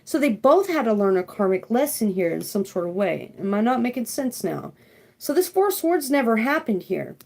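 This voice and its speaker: A young woman with a somewhat high-pitched voice leads a live tarot card reading. She rambles from card to card in an excitable rush, often throwing in "freaking" and checking in with listeners by asking "okay?". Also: normal speed, vocal fry. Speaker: tarot reader.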